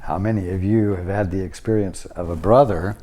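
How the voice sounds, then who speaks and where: A man giving a spiritual teaching talk to a study group, measured and deliberate, with long pauses. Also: sits low, fairly even intonation, warm tone.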